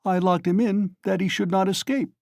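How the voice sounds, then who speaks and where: A man's voice: high-pitched, steady tone, moderate pace, vocal fry, a little mellow, no echo, clean studio sound, pitched above the performer's own voice. A man voicing a sly, ironic middle-aged examining lawyer who mocks and chuckles good-humoredly in a storybook reading. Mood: mocking.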